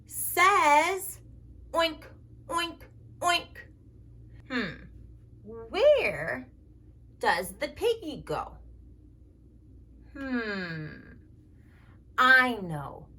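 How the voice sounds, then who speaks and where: An American woman speech therapist runs a slow, sing-song lesson for toddlers, making animal sounds and stretching out her words. Her high voice is pushed and bright, swinging hugely in pitch, and her manner is exaggerated and playful.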